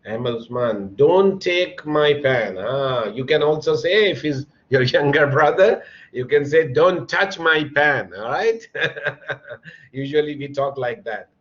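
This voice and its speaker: Male English teacher, unhurried and encouraging, mid-pitched voice, dull lo-fi sound. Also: expressive. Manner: slow, patient, encouraging, calls on students by name. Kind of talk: online classroom lesson.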